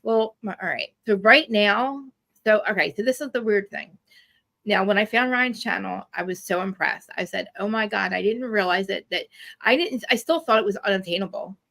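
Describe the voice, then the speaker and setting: A woman with a New Jersey accent, chatting as a podcaster guest on a video call, animated and laughing, swearing freely. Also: medium pitch, normal speed, vocal fry. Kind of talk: casual chat.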